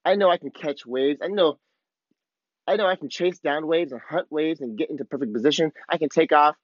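A male podcast host telling a surf story in excited, laid-back surfer talk. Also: fairly high pitch, fairly quick, no echo, lo-fi sound. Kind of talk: casual storytelling monologue.

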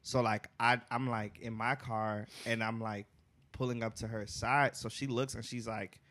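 A man's voice: medium pitch, normal speed. A young man co-hosting a podcast, telling a story casually and acting out the voices in it. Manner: animated storyteller, acts out quotes. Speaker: podcast co-host.

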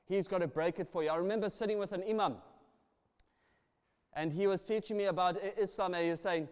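Passionate preacher, high voice, echoing hall. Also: male voice, moderate pace, pauses often. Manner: passionate, rising and falling in volume. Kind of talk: sermon. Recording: long reverb of a large hall.

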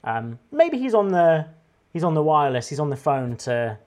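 A man in a casual podcast chat, pitching a game idea in a rambling, enthusiastic way with many restarts. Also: very animated, normal speed. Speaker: podcast co-host.

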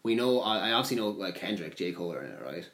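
Fast, animated young man, echoey room. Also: low-pitched. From Ireland. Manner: rambling, heavy swearing, frequent restarts. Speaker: podcast co-host. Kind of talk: casual chat.

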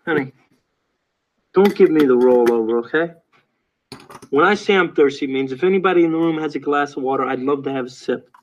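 Actor as a blunt, crude boyfriend, flat delivery, slightly high, muffled film audio. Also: male voice, fairly quick, pauses often, lightly acted. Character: blunt young boyfriend, plain-spoken and crude. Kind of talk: film dialogue.

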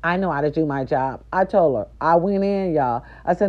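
An older woman, a nurse's aide and grandmother, telling an indignant, profane story straight to her viewers in a loud, animated rant. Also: deep voice, normal speed, muffled recording.

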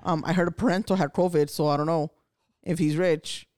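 A woman's voice: deep voice, steady tone, a little fast, darkish tone. A young woman co-hosting a podcast, chatting casually with lots of swearing and laughter. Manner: profane, laughing, loose banter. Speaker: podcast co-host.

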